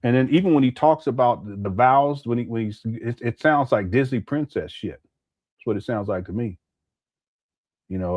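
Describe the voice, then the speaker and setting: A man's voice: medium pitch, expressive, normal speed, pauses often, darkish tone, no room sound. A man commenting casually on a live stream, laughing often and mocking what he plays.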